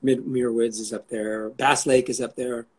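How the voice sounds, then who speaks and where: A man's voice: medium pitch, flat delivery, normal speed, a little mellow, breathy edge. A man chatting as an interview guest, rambling, swearing casually and cracking jokes. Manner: rambling, profane and jokey.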